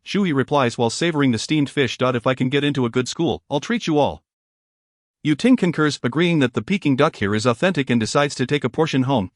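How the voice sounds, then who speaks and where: A man reads a romance novel aloud in a steady, even manner and gives every character much the same voice. His pitch sits in the middle range for a man. The recording is dry and close, with no room sound. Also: dry recording. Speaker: narrator. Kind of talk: scripted audiobook narration.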